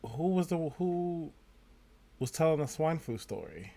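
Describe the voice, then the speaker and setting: A man's voice: a little high, very animated, vocal fry, mellow. A man co-hosting a live podcast, talking casually and hesitantly with frequent uhs. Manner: slow, hesitant, lots of uhs. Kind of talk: casual chat.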